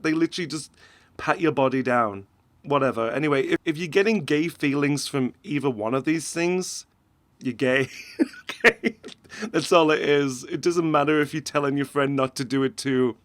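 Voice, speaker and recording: A man's voice: on the high side, dry recording. A man giving casual satirical reaction commentary in a sarcastic tone, often laughing between remarks. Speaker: commentary host.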